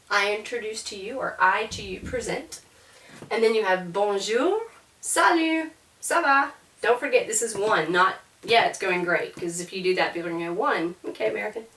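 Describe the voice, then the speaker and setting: A woman's voice: fairly high pitch, fairly bright tone. Woman language teacher, upbeat and patient, recorded from a distance in a roomy space. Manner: upbeat, explains step by step with demonstrations. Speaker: French teacher. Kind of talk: casual classroom lesson.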